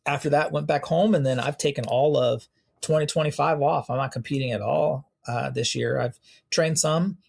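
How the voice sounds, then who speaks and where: A young American man telling stories as a podcast guest, with a gravelly, husky voice. He talks casually and animates his stories by acting out the people he quotes. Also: fairly high pitch, normal speed. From United States. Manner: animated storyteller who acts out quoted exchanges. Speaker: podcast guest, police officer. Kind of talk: casual storytelling in an interview.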